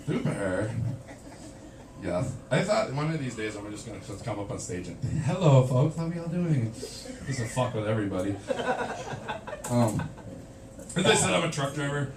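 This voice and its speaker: A man's voice: lowish voice, sing-song, brisk, long pauses. A man performing a crude, self-deprecating stand-up comedy set on a small club stage, recorded on a camcorder in the crowd. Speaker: stand-up comic. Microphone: handheld camera from the audience. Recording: roomy, far-off, noisy camcorder sound. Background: audience laughter.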